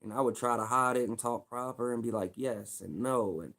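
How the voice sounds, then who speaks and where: A man's voice: mid-range voice, brisk, a bit bright. Rambling streetwise Kentucky man livestreaming. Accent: Louisville, Kentucky. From Louisville, Kentucky. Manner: rambling, repetitive, streetwise slang. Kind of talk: casual livestream chat.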